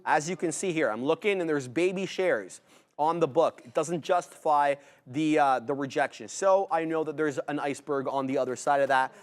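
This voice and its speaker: A man's voice: fairly high pitch, moderate pace. A man co-hosting a live trading stream, talking casually and slangy as he thinks aloud about his trades. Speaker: day trader co-host.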